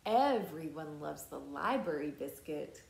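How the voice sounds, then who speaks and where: A woman teacher reading a picture book aloud to young children in a slow, gentle and lively way. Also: low-pitched, vocal fry. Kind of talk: storybook read-aloud for children. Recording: roomy echo.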